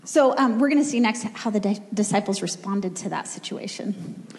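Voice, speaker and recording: A woman giving part of a sermon, retelling a story in a relaxed way with fillers. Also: medium pitch, normal speed. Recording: long reverb of a large hall.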